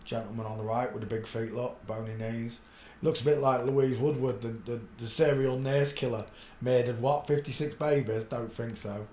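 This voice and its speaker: A medium-pitched man speaks at normal speed in a roomy space with slight background noise. Hosting a rambling solo livestream, he mutters under his breath while searching images, then bursts out loud and excited, talking to himself bluntly and crudely.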